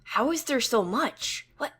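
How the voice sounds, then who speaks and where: A woman's voice: high-pitched, animated, a little slow, fairly bright tone, slightly rough, pitched above the performer's own voice, exaggerated voice. A woman voicing a worried, blunt male troll father who talks in tense, clipped mutters.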